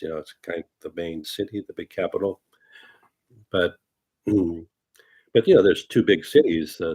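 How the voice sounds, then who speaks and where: A man's voice: sits low, dark tone, breathy edge. A man talking as a fortune teller on a casual livestream, rambling loosely with many fillers and asides. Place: lives in California.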